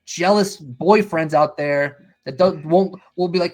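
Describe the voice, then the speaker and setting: A man's voice: sits high, normal speed, hardly any pauses. A middle-aged man with a slightly raised voice tells stories in casual chat. He acts out other people's lines and curses freely. Faint music plays behind him. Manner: animated storyteller, acts out quotes, swears freely. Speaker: stream co-host.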